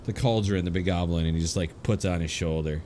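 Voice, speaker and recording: A man's voice: deep voice, warm tone, slight background noise. A man narrating a tabletop game as game master, casual and full of fillers. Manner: casual, filler-heavy narration with quick quoted voices.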